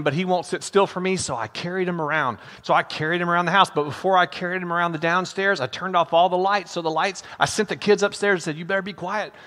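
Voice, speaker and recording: An older male pastor with a bright, forceful voice pitched a little high tells a story from the pulpit. His delivery is casual and chatty, and he keeps calling his listeners friends. A long church reverb trails behind every phrase. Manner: conversational, addresses listeners as friends. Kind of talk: storytelling sermon. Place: church sanctuary.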